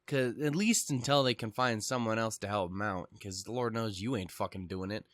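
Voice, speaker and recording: A man's voice: fairly low pitch, normal speed, a bit bright, no echo. A man hosting a let's play, reading a visual novel aloud and breaking off into rambling, profane, self-mocking commentary.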